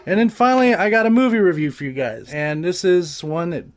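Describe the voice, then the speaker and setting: High-voiced, profane podcast ranter. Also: male voice, fairly quick. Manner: profane, animated, exaggerated. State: briefly out of breath. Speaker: podcast host. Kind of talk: casual ranting review.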